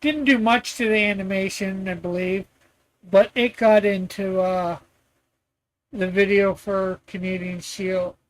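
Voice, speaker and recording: A man chatting on his live stream in an easygoing, rambling manner, breaking into frequent laughter. He speaks slowly and takes his time between thoughts. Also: high voice. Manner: relaxed and rambling, laughs often. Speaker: comic artist hosting a live stream. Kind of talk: casual live-stream chat.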